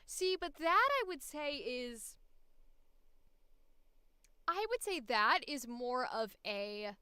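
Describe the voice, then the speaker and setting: A woman's voice: sits high, big pitch swings, slow, sharp tone, clean tone, no room sound, studio quality. A woman voice actor chatting casually on a livestream, laughing often and swearing freely. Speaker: voice actor streamer.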